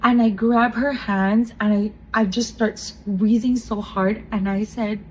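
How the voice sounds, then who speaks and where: A woman in her thirties co-hosting a faith podcast, telling a personal testimony in an earnest, emotional way with soft laughs. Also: mid-range voice, fairly even intonation, unhurried, slight background noise, low-quality recording. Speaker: podcast co-host.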